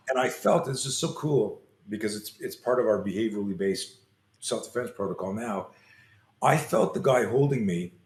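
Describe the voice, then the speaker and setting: A man and self-defense coach telling a story in an interview, animated, acting out the scenes as he goes. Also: medium pitch, roomy sound.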